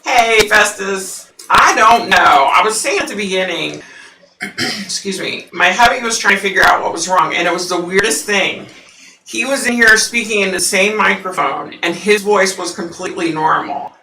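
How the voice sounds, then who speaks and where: A woman hosting a psychic livestream, chatting casually with viewers and laughing often; her voice sounds unusually deep through the mic. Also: normal speed, bright, forceful tone, roomy sound, far from the mic, slight background noise, low-quality recording.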